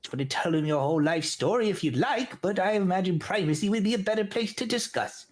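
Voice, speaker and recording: A man voicing a tiny, very old male gnome leader who is gruff, commanding and a little out of breath. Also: expressive, a little fast. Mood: stern. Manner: high, huffing, commanding and brusque.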